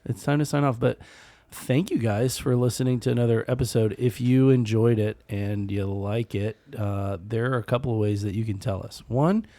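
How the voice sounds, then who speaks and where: A man hosting a podcast, laughing easily and asking quick follow-up questions in casual chat. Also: fairly low pitch, fairly even intonation, warm tone, dry recording. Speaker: podcast host.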